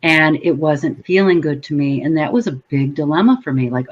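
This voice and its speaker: A woman guest in an interview, telling her story in a lively way and acting out her own past words. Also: deep voice, moderate pace, hardly any pauses, lo-fi sound.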